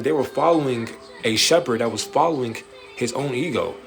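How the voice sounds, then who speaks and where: A man hosting a late-night livestream, preaching in an animated way with slangy street talk and swearing. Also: mid-range voice, brisk, gravelly. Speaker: livestream host answering viewer questions. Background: faint music playing in the background.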